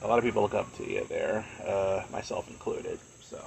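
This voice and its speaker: Male streamer, casual rambling chat, low gravelly voice, crickets and noise behind. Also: brisk, a little mellow. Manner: rambling, filler-heavy, earnest. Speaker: live streamer.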